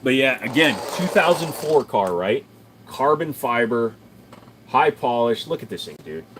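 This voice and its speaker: A man's voice: medium pitch, big pitch swings, a little slow, a bit bright, slight background noise. A man streaming live, chatting casually and rambling as he answers viewers, swearing freely. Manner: rambling, profane, answers chat. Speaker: streamer reading chat.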